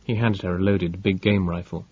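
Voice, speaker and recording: A man reading an audiobook in a measured, dramatic narration. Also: low-pitched, fairly even intonation, darkish tone, slightly rough, dull audio.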